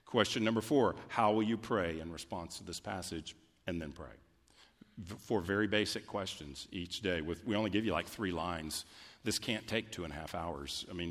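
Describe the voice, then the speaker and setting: A man preaching a sermon as pastor, conversational and emphatic, with sudden loud peaks. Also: deep voice. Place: church sanctuary. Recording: long hall reverb from a church.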